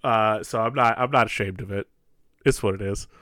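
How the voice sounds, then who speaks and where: Bright, animated man chatting about movies. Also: on the low side, brisk, no echo. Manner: animated, laughs often, many "like" fillers. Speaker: podcast co-host. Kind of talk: casual movie-review chat.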